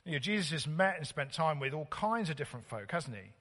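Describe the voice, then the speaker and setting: Visiting preacher, man, chatty halting delivery, church hall reverb. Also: fairly high pitch, very animated, pushed and bright. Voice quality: halting, many fillers and restarts. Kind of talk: sermon.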